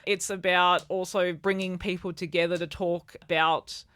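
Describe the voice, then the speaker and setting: A woman's voice: lowish voice, little pitch movement, normal speed, a bit bright. A woman co-hosting a podcast, chatting casually in a rambling way with restarts and frequent laughter. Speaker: podcast co-host. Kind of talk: casual chat.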